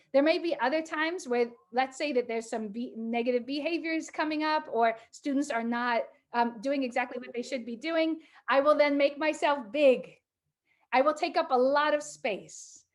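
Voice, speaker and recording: A middle-aged woman teacher talking calmly to a group of teachers, measured, with pauses and fillers. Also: sits high.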